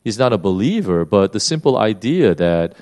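Animated man preaching a casual sermon. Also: fairly low pitch, normal speed. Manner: conversational, animated retelling with acted quotes. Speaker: pastor.

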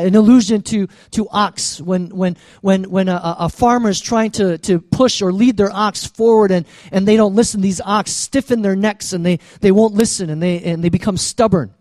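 A man's voice: sits high, darkish tone, no echo. A man preaching a sermon as pastor, conversational and often stammering on restarts.

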